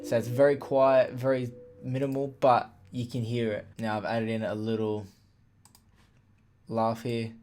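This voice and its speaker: A man casually walking through how he built a hip hop track, plain-spoken and relaxed, with fillers like "like" and "literally". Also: mid-range voice, unhurried, faint music behind. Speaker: music producer explaining a beat. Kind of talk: casual tutorial walkthrough. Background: faint playback of his beat.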